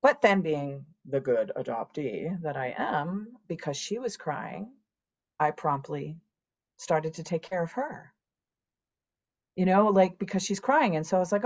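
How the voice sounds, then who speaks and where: A lively woman in her sixties, slightly lo-fi sound. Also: deep voice. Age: 60s. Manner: animated storyteller, voices her own past dialogue. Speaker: podcast guest. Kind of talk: candid personal interview.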